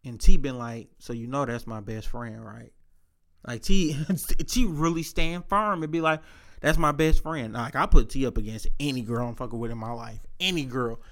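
A man's voice: medium pitch, normal speed, a bit bright. A young man hosting a podcast, telling casual stories in a loose, profane way with a lot of laughter. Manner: profane, laid-back storytelling with frequent laughs. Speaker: podcast host. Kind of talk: casual storytelling monologue.

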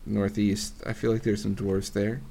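A man's voice: fairly low pitch, flat delivery, normal speed, vocal fry, background noise. A man acting as game master, narrating a tabletop game casually with many restarts. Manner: laid-back, laughing, full of restarts.

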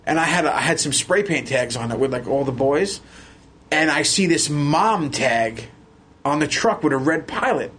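A man, a podcast guest telling animated, profane stories and laughing as he goes. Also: fairly high pitch, normal speed, husky. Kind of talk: casual storytelling.

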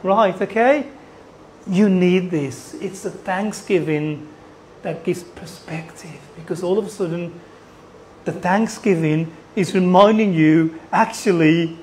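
A preacher giving a sermon in an animated way, putting many questions to the listeners and often repeating and restarting phrases. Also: medium pitch, slow, poor audio.

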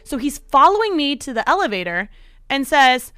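A woman's voice: high voice, a little fast, no echo, studio quality. A young woman co-hosting a casual podcast, telling a story with lots of acted-out quotes. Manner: animated storyteller acting out quotes. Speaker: podcast co-host.

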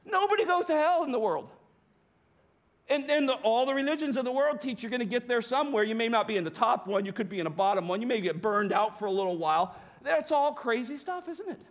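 A man's voice: extremely high pitch, animated, quick pace, few pauses. A man preaching a sermon as pastor, emphatic, with rhetorical questions to the congregation.

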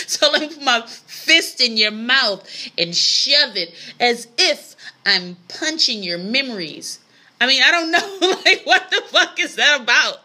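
A woman's voice: fairly high pitch, sing-song, a little slow, pushed and bright. A woman hosting a casual solo podcast, ranting bluntly and profanely with frequent laughter and disbelief. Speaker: podcast host.

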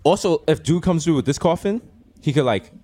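A man's voice: a little high, fairly quick. A young man co-hosting a podcast, telling jokes in slangy casual chat and breaking into laughter. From the Bronx, New York. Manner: animated, slangy, laughs often, acts out voices. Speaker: podcast co-host.

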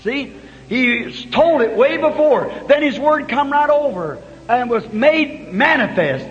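A fervent man preaching a revival sermon in a very high, bright, ringing voice that climbs to shouts. The sound is a dull, muffled old tape with a long hall reverb and faint music underneath. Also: expressive, slow. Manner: fervent, builds to shouting climaxes.

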